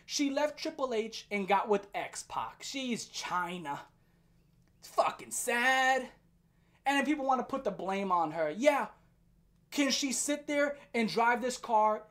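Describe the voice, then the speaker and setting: A woman commentator in full rant mode, with a high voice that leaps all over the place. She swears freely, mocks her target and keeps the heat turned up throughout. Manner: heated, profane, mocking. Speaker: online commentator.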